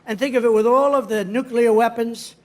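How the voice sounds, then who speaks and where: A man's voice: very high voice, steady tone, a little fast. A man giving a rally speech in a rambling, boastful, digressive way. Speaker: politician addressing a rally.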